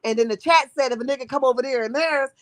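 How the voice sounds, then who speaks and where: A woman hosts a casual gossip live-stream, sassy and talkative. Her voice sits high. It is recorded dry and close, with no room sound. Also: quick pace, no room sound. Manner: sassy, calls viewers honey and boo.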